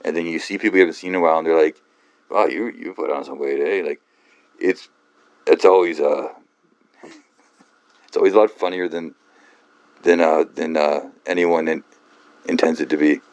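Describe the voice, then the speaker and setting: A man hosting a book channel, ranting off-script in a halting, rambling way, swearing often and mocking himself. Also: a bass voice, steady tone, darkish tone, clear, resonant tone, dry recording.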